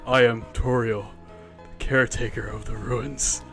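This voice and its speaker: A man voicing a gentle, motherly goat woman caretaker with a soft, kindly delivery, reading game dialogue on a stream. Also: mid-range voice, level tone, measured pace, faint music behind, lightly acted.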